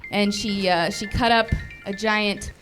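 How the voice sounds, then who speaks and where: A woman's voice: medium pitch, steady tone, measured pace, fairly bright tone, soft background music. Young woman doing stand-up. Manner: chatty, self-deprecating storytelling. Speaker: stand-up comedian. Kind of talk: stand-up comedy set. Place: movie theater stage before a live audience.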